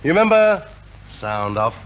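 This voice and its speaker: A man's voice: mid-range voice, sing-song, a little slow, lo-fi sound. A man compering a 1950s radio variety show in a hearty, jovial, chatty way. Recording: old radio recording with faint hiss.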